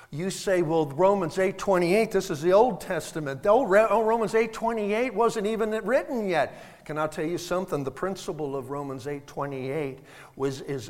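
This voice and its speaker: A man preaching a sermon, emphatic, with rhetorical questions and frequent restarts, in a church sanctuary. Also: fairly high pitch. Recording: long hall reverb.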